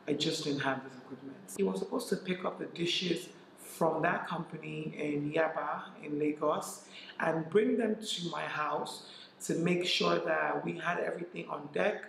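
Young Nigerian-born male vlogger, candid and animated, slightly high gravelly voice, recorded in an echoey room. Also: a little hiss or hum. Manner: candid, animated retelling with reported speech. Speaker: vlogger and former caterer. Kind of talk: casual storytelling to camera.

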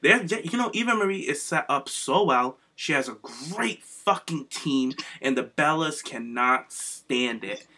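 A man co-hosting a casual podcast chat, emphatic and quick to talk over the others. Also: on the high side, animated, pushed and bright. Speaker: podcast co-host.

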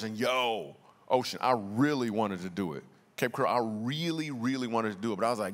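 The long reverb of a large church hall surrounds a male guest speaker and comedian who is telling funny stories to the congregation. He talks in a loose, slangy, chatty way, his medium-pitched voice animated, brisk and a bit bright. The setting is a big church auditorium.

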